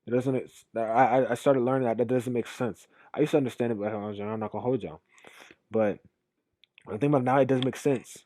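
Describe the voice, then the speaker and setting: A young man streaming a casual reaction, talking emphatically and rambling, swinging from loud to quiet. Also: mid-range voice, no room sound.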